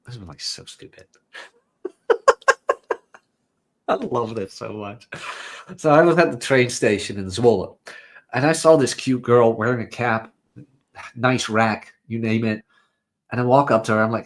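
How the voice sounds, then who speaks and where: A man's voice: medium pitch, unhurried, pauses often. A man from the Netherlands, a guest coach, telling self-mocking stories in casual chat with swearing and laughter.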